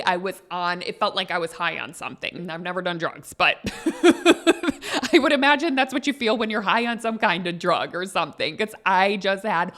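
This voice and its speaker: A woman hosting her own podcast, talking through a personal story in a casual monologue. She is animated and gushing, with quick bursts of excitement, and her voice sits a little on the high side. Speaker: podcast host.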